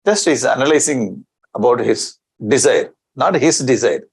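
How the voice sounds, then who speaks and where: A man's voice: mid-range voice, animated, moderate pace, vocal fry, slightly rough, rough recording. A man giving a scripture discourse as a swami, chanting Sanskrit verses and explaining them in with rhetorical questions.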